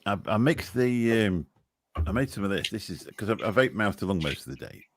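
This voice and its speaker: A man's voice: lowish voice, lively intonation, brisk, slight background noise. A man chatting as a guest on a live stream, rambling and self-deprecating, with a sarcastic streak. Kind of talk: casual chat.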